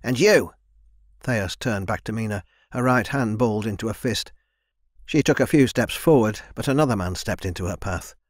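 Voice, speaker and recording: A man narrating a young adult fantasy audiobook in an even, measured reading. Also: on the low side, dry recording, clean studio sound. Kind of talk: scripted narration.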